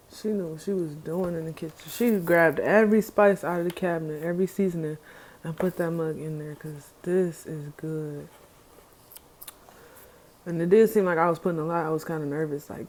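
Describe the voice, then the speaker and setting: Slow-talking, low-voiced woman eating on camera. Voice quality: relaxed, chatty, slangy. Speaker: mukbang vlogger. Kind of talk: casual eating chat to camera. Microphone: mic clipped near her.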